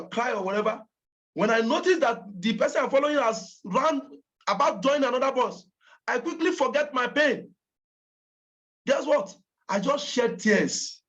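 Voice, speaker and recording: A woman with a Nigerian accent giving a motivational training talk to campaign callers, emphatic and repeating her points for stress. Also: fairly high pitch. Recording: dull lo-fi recording.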